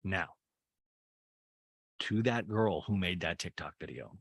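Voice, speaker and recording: A man's voice: sits low, lively intonation, slow, slightly rough, dry recording, studio quality. A man hosting a podcast, giving a chatty, sarcastic recap of a TV episode with rambling asides. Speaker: podcast host. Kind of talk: casual recap commentary.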